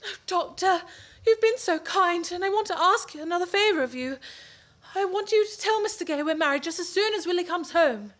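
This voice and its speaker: Emotional pleading wife, played by a woman, very high voice. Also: fairly quick, a bit bright. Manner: pleading, gushing. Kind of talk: amateur radio play acting.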